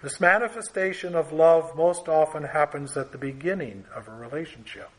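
A man preaching a sermon in a measured, emphatic way, letting his voice fall away softly at the end of phrases. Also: fairly high pitch, breathy edge.

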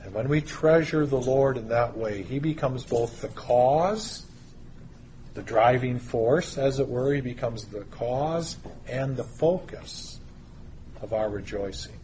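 A man preaching a sermon, teaching through a Bible passage in a measured way with pauses and stressed words. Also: mid-range voice, darkish tone, slight background noise.

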